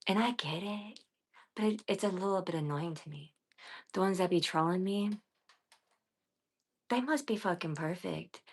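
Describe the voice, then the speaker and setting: A woman ranting bluntly and profanely to her live chat, rambling between quiet mutters and loud bursts. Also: lowish voice, normal speed, pauses often, breathy edge. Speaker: livestreamer. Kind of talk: casual livestream rant.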